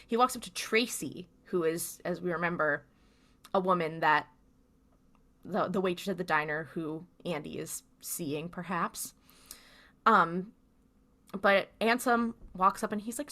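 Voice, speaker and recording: A woman's voice: lowish voice, fairly even intonation, normal speed, fairly bright tone. A woman podcast co-host casually recapping a TV episode, chatty, with lots of fillers. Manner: chatty, filler-heavy retelling with quoted lines.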